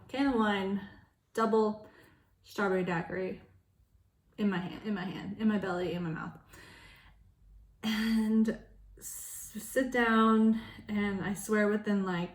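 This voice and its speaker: A young woman telling a personal story in a casual vlog, frank and full of swearing, laughing between lines and acting out quoted voices in sudden loud high bursts. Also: steady tone, slow, pauses often, reverberant. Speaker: vlogger.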